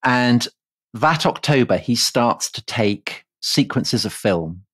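A man's voice: medium pitch, slow, husky, no room sound. Man telling history, dry close mic. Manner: relaxed, chatty storytelling with frequent restarts. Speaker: podcast co-host. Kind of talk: casual history podcast storytelling.

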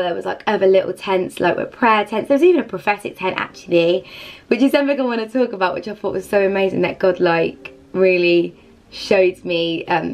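A young woman chatting to camera as a Christian vlogger, effusive and rambling, with lots of "like" fillers. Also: medium pitch. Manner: effusive, rambling, heavy use of "like". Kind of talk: casual chat to camera.

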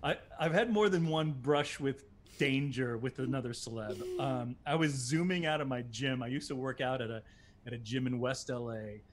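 An American man chatting as a guest over a video call, telling lively anecdotes with sudden exclamations. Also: medium pitch, normal speed. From United States. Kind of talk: casual chat, storytelling.

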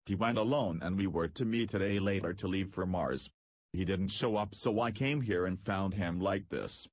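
A man's voice: low-pitched, lively intonation, normal speed, dry recording. A man voicing an older male spaceman companion who speaks plainly and matter-of-factly. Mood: sober.

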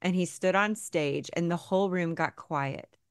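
Low-voiced woman podcast host. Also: measured pace, clear, resonant tone, dry recording, studio quality. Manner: reflective, rambling with fillers. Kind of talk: conversational interview.

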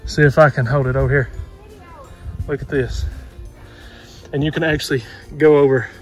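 A man narrating a casual hiking vlog outdoors on a handheld camera, excitedly pointing out the views to viewers, sometimes out of breath. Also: medium pitch, moderate pace, faint music behind. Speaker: vlogger. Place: outdoors at rocky overlooks.

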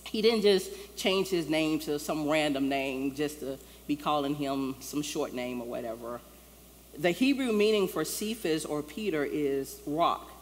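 Her voice low, with slight background noise, a woman pastor delivers a sermon in a relaxed, conversational style, performing the words she quotes. The church sanctuary gives a long hall reverb and a faint ambient hum.

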